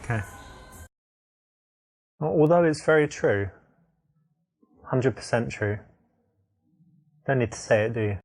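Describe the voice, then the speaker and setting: A man's voice: medium pitch, expressive, slow pace, long pauses, a little mellow. A man with an English accent playing a teasing, self-assured flirt in a game. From England. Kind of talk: game dialogue.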